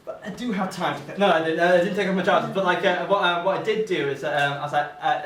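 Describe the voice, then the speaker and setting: A man's voice: sits high, quick pace, hardly any pauses, a bit bright. A young man doing a live stand-up set, rambling and self-deprecating, full of fillers. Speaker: stand-up comedian. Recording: echoey room, mic from far off.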